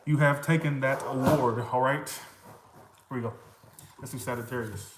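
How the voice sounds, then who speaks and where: A chatty man talks through a casual tarot reading, answering viewers and slipping in the odd swear word and laugh. His voice sits at a middle pitch. The room around him adds a noticeable echo. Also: fairly even intonation, normal speed, heavy background noise. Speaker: tarot reader.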